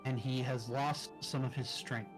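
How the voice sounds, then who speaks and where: A man running a tabletop game as its dungeon master, narrating scenes slowly and with care. He speaks at a middling pitch over a voice-call mic. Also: fairly even intonation, faint music behind, poor audio. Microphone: discord call mic.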